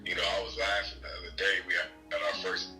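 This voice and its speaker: A man's voice: deep voice, monotone, fast, sharp tone, soft background music, low-quality recording. A man in his late twenties from Kansas City, an assistant basketball coach talking in a casual podcast interview, laid-back and full of "man" and "bro". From Kansas City, Missouri. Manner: laid-back, peppers speech with "man" and "bro", restarts often.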